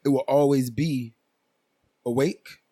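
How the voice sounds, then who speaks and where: A man in his twenties, a guest musician on a podcast, speaks slowly in a steady, mellow, medium-pitched voice, recorded at studio quality with no echo. He talks casually and at length in laid-back, slang-heavy stories, often checking in with "you feel me."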